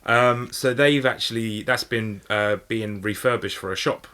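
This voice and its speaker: A man's voice: on the low side, unhurried, sharp tone, clear, resonant tone. Male podcast co-host, loose rambling anecdotes, casual swearing, voices the people he quotes. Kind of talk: casual chat.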